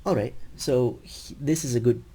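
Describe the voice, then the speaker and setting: A man teaching English over a video call, explaining patiently and slowly with frequent ums. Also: mid-range voice, warm tone, husky. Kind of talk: screen-share teaching demo.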